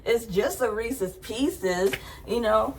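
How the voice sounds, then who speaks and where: A woman's voice: on the high side, slow pace, a little hiss or hum, pitched above the performer's own voice. A woman voicing a careless young man who brushes off blame in a whiny tone. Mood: dismissive. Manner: dismissive, whiny.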